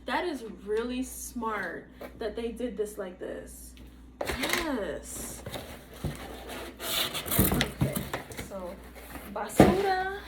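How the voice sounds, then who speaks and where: A woman who hosts a podcast unboxes something on camera from her bedroom workstation at home, her slightly high voice extremely slow and full of pauses. She's excitable and gushing, exclaiming often in casual chat, and the recording is very noisy.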